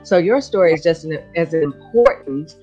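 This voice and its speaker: Low-voiced woman podcast host. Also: expressive, normal speed, mellow, breathy edge. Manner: encouraging, searching for words. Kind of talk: casual chat. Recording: dull lo-fi sound with faint music.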